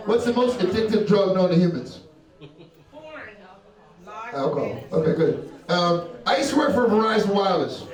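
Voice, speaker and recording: A man's voice: high-pitched, sing-song, moderate pace, pauses often. A young man doing a stand-up set, brash and profane, working the crowd and laughing at his own jokes. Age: young adult. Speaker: stand-up comedian. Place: comedy club stage. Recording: roomy live venue from a distance with crowd.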